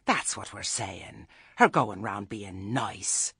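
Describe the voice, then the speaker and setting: A man's voice: fairly low pitch, lively intonation, takes it slowly, vocal fry, pushed and bright, husky, no echo, heavily acted. A man doing a timid, plaintive village man. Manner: weak, plaintive rustic speech. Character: timid, worried male villager.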